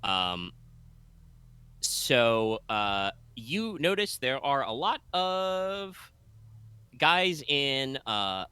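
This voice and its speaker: Bright-voiced rambling game master. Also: male voice, medium pitch, big pitch swings, very slow, smooth, dry recording. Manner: rambling, full of fillers and restarts. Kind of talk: narrating a tabletop game.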